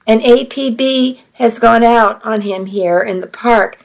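Woman reading as a steady, soothing man. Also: fairly high pitch, a little slow, creaky, poor audio. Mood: reassuring.

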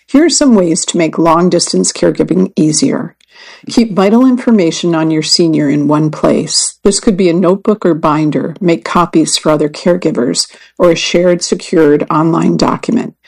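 Woman reading aloud with vocal fry. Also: lowish voice, rough recording. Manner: even, measured reading. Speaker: reader. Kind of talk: scripted narration of a magazine story.

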